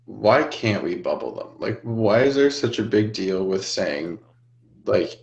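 A man's voice: on the low side, expressive, measured pace, creaky, a little mellow. A man co-hosting a sports podcast who rambles along in loose, casual chat. He is recorded in an echoey room, and the sound is muffled and lo-fi. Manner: rambling, loose with filler words. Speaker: podcast co-host. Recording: roomy, dull lo-fi sound.

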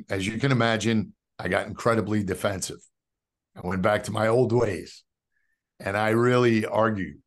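Lowish-voiced man sharing a faith testimony. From New York. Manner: animated storyteller who acts out quoted dialogue; calls the host brother. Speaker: podcast guest.

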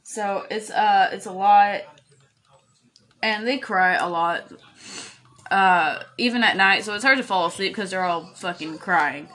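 Bright-voiced woman chatting casually. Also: medium pitch, unhurried. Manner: rambling, chatty, swears casually, laughs often. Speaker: podcast host. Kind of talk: casual solo podcast chat. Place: cold bedroom at home. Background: puppies crying.

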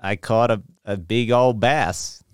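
A man's voice: fairly low pitch, slow, clear, resonant tone, dry recording, clean studio sound. A man putting on a Southern drawl. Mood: playful. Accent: put-on American Southern. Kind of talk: podcast bit.

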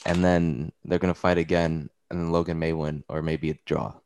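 A teenage boy talking casually as a podcast guest, teasing his friends and quick to react. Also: a bass voice, level tone, darkish tone, a little hiss or hum.

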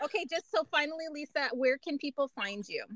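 A woman podcast co-host with a fairly high, lively voice, asking questions and closing the episode with thanks. The recording is close and dry. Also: brisk, no room sound. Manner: warm wrap-up, thanking the guest. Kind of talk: casual podcast chat.

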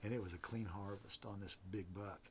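A man's voice: lowish voice, fairly even intonation, brisk, darkish tone, slightly rough. A man telling a long personal story in casual conversation, in a plainspoken, earnest way that often stops to repeat and restart his words. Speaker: interview guest.

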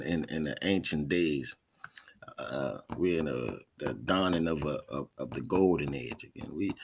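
Man, podcast host, rambling, repeats himself, gravelly, extremely low voice. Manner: rambling, repeats words and phrases. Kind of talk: casual rambling podcast talk.

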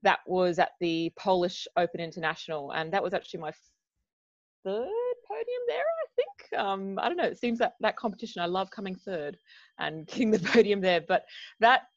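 A woman's voice: on the low side, fairly quick, no echo, muffled recording. A woman in her twenties with an Australian accent, chatting casually as a guest, self-deprecating and laughing often. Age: 20s. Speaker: guest athlete. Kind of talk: casual interview chat.

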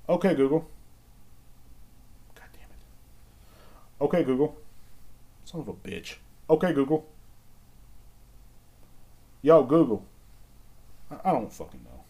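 Guy, solo podcast host, mellow dark voice, rambling and cussing a lot. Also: mid-range voice, husky. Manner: profane, rambling, talks to himself. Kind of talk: casual solo podcast rant.

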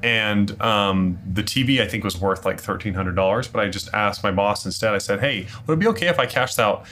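A man's voice: lowish voice, brisk, sharp tone. A man hosting a casual podcast in a room by a street, telling a rambling story with many fillers. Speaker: podcast host. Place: room next to a street window, car noise.

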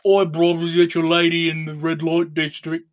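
A man's voice: a little high, monotone, normal speed, no echo, voice pushed up, lightly acted. A man putting on a mock English accent to do a brash impression of a rock singer. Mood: cocky. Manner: brash, loud, says "oi, bruv".

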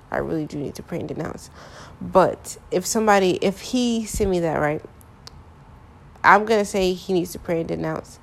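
A woman's voice: fairly low pitch, creaky. A young woman talking candidly about her relationships in a casual, frank monologue full of filler phrases.

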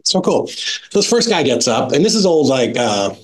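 A middle-aged man telling a story as a podcast guest, with a lively conversational telling full of "like" and "right?". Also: mid-range voice, moderate pace. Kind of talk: casual storytelling.

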